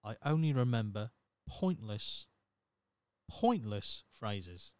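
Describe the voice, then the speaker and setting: A man's voice: lowish voice, lively intonation, measured pace, dry recording. Profane, rambling Norfolk man in his thirties. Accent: Norfolk English. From Norfolk, England. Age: 30s. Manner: rambling, profane, self-mocking. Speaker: podcast host. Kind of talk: casual solo podcast monologue.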